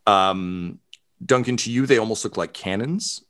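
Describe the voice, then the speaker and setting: A man runs a tabletop game in a loose, casual way. His voice sits low and he fills pauses with ums and uhs. He narrates scenes with easy humor. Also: fairly bright tone. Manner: casual, filler-heavy, laughing. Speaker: game master.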